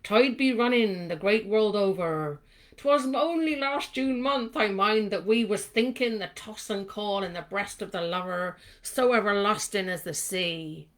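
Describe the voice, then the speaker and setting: A woman voicing a Cornish woman mourning a lost lover, reading slowly in a put-on Cornish accent with a drawn-out, sing-song lilt. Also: mid-range voice, natural voice. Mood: wistful.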